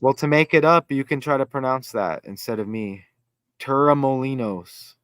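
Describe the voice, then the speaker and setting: A man hosting a casual livestream chat, excitable and rambling, thinking aloud as he reads. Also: medium pitch, brisk, no room sound. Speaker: host.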